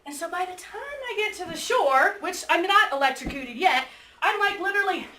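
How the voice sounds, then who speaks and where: A woman teacher telling a story to her class with lively energy, acting out both sides and breaking into squeals and shouts. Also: very high voice, brisk. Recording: echoey room, mic far off, faint noise.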